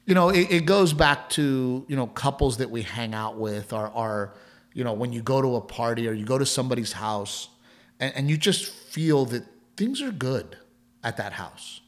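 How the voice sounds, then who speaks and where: A man's voice: mid-range voice, lively intonation, normal speed. A man co-hosting a podcast, telling a family story in a rambling casual way with many restarts. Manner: rambling, repeats words, laughs while telling a story. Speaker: podcast co-host.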